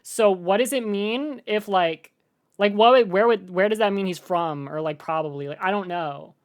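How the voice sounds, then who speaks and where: A woman's voice: mid-range voice, moderate pace. A young American woman streaming, chatting casually and rambling with lots of fillers. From United States. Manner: rambling, filler-heavy, animated with laughs. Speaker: streamer reacting to a video. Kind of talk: casual live-stream chat.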